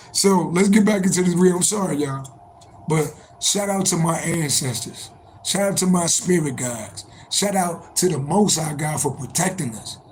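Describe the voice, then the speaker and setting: A man's voice: sits high, slight background noise, rough recording. A man hosting a casual livestream for viewers, swearing often, repeating himself for emphasis, with a strained voice, street sirens and horns nearby. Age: adult, born in January. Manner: profane, repetitive, emphatic. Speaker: livestream host, spiritual reader.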